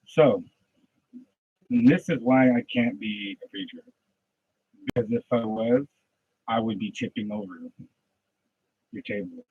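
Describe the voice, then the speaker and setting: A man practicing a podcast monologue, ranting passionately like a preacher and then dropping to low muttering, recorded at home. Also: a little slow, long pauses, breathy edge, no room sound, highs cut off. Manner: impassioned preachy rant, swings from loud to low muttering. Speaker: aspiring podcaster.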